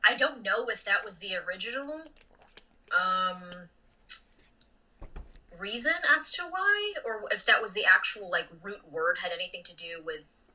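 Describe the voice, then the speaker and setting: Bright, animated woman comedian. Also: medium pitch, unhurried, long pauses, recorded from a distance, rough recording. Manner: blunt, animated, swings between loud and muttered. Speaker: comedian guest. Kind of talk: casual podcast conversation.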